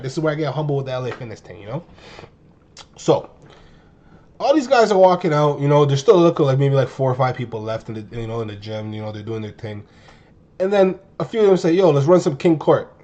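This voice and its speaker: A man in his twenties telling a story to his viewers in a casual, animated way, full of slang and exaggeration. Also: mid-range voice, fairly quick, highs cut off. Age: 20s. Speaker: streamer.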